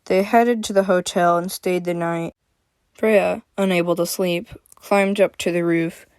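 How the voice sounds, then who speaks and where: Woman narrator of a fantasy tale, steady plain read, lowish, dry sound. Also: a little slow, smooth, no echo. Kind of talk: reading her own fantasy story aloud.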